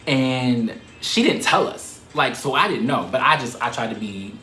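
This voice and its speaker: A man telling a story to the camera in a casual, animated way, swearing and laughing often. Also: mid-range voice, normal speed, roomy sound, slight background noise.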